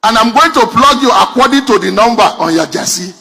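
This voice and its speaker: A man voicing a gruff male soldier who threatens in a low, quiet mutter. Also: expressive, fairly quick, exaggerated voice. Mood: menacing.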